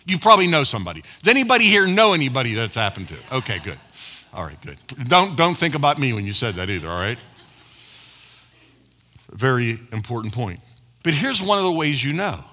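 A man preaching a sermon to a live congregation, with call-and-response asides, swinging between loud emphatic lines and quiet low asides. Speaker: pastor. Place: church hall before a live congregation.

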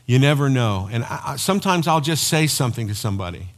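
A man preaching a sermon as pastor, telling personal stories in an animated way. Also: medium pitch, fast talker. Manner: storytelling, animated, acts out quoted voices. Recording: long hall reverb.

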